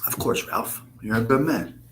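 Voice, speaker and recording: A man's voice: medium pitch, moderate pace, slight background noise. A man hosting a casual live stream, answering viewers' comments by name in a blunt, profane, rambling way.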